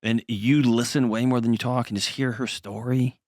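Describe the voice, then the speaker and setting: A middle-aged man hosting an advice call-in show, talking calmly and earnestly. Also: mid-range voice, moderate pace, no room sound, clean studio sound. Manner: calm, earnest counseling. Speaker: host.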